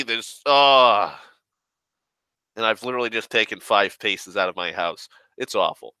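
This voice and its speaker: A man's voice: fairly low pitch, expressive, a little slow, pushed and bright, smooth, no echo. A sick young man who coughs now and then, rambling in a profane, grumbling, sarcastic rant. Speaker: online rambler.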